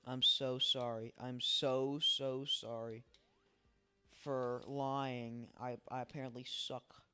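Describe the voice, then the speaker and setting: A man with a smooth, clean voice of middling pitch rambles through his gameplay, tired and self-mocking as he talks to himself. He sits at his home setup on a desk microphone, with the game's music faintly underneath. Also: a bit bright. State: tired, early morning. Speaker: let's play host. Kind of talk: casual gameplay commentary.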